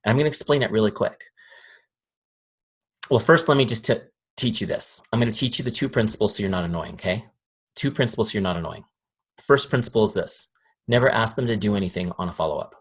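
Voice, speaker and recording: A man giving a live sales training talk, lively and questioning the audience. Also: on the low side, quick pace, slightly rough. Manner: lively, acts out quoted voices, asks audience questions.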